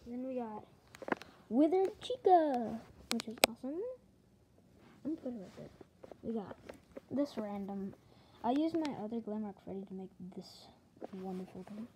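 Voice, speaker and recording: A woman's voice: fairly high pitch, animated, normal speed, long pauses. A woman rambling casually through a show-and-tell vlog at home, often correcting herself as she talks. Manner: rambling, chatty, self-correcting. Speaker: collector showing plush toys. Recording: loud background noise with clicks.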